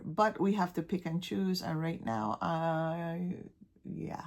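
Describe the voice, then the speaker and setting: A woman's voice: low voice, unhurried, vocal fry. Chatty woman with a Caribbean accent. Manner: chatty, trailing off and restarting, dropping to soft near-whispers. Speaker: cross-stitch vlogger. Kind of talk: casual show-and-tell chat.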